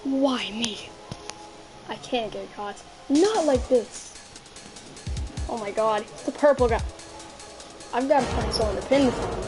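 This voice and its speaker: A woman voicing a sneaky middle-aged male killer in a video game, hushed and scheming, over loud game music. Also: a little high, animated, unhurried, pauses often. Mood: panicked scheming.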